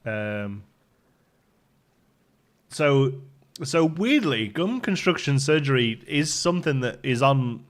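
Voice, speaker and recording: A man's voice: medium pitch, very animated, slow, pauses often. Laughing man chatting on stream. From Britain. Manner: joking, laughs often, banters with chat. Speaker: livestream host. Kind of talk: casual live-stream chat reading viewer messages.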